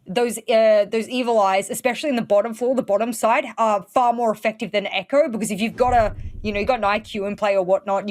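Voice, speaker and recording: A woman casting a live esports match, giving flowing tactical analysis with dry sarcasm. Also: medium pitch. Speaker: esports caster. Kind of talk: live game commentary.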